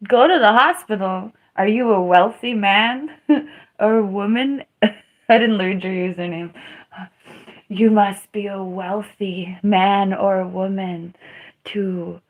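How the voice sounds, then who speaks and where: A woman's voice: mid-range voice, rough recording. A young woman chatting casually on a live stream while in pain and tearful, rambling, laughing through it and groaning. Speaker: livestreamer.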